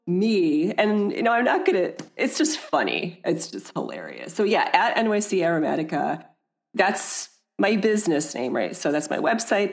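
A woman's voice: fairly low pitch, big pitch swings, normal speed, creaky. A woman guest on a podcast who runs her own aromatherapy business. She chats casually, laughs a lot and often trails off mid-sentence. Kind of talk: casual interview chat.

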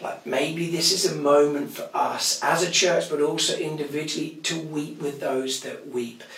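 A middle-aged man preaching a sermon, swinging between loud emphatic bursts and hushed whispers. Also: fairly high pitch, fairly even intonation, normal speed, vocal fry, distant mic. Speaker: pastor. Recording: echoey room, voice from off the mic.

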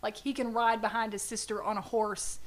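Woman co-host, high voice, excitable and giggly, casual chat. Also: moderate pace. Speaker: podcast co-host.

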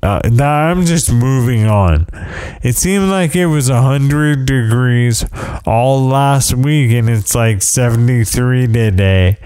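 A man's voice: mid-range voice, slow, a little mellow, clean tone, dry recording, clean studio sound. A man hosting a podcast who rambles through anecdotes in a casual chat, with self-deprecating asides. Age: parent of young kids. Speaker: podcast host.

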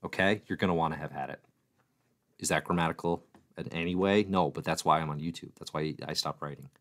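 A man hosting a weekly livestream, chatting casually, answering viewers' comments, excitable and playful with self-mocking jokes. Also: extremely low pitch, a little fast. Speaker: livestream host.

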